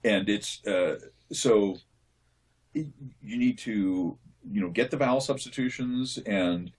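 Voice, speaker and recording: A man, a voice actor, answering interview questions in a relaxed, thoughtful way, often restarting his sentences as he explains. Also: on the low side, slow, slightly rough. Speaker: voice actor guest.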